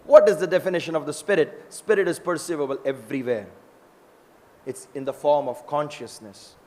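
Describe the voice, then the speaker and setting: A man's voice: on the high side, brisk, a little mellow, big-room sound. A man giving a scripture lecture, telling stories in a conversational way and often checking in with his listeners. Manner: storytelling, conversational with tag questions.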